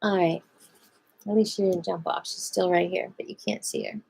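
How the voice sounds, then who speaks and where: A woman hosting a late-night live reading, reading a book aloud calmly and adding casual asides. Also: on the low side, moderate pace, gravelly, breathy edge.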